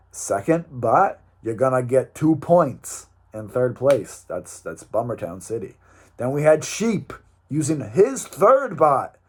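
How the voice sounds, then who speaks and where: A man hosting a weekly game league round-up in casual, joking commentary, rambling with filler ums. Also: mid-range voice.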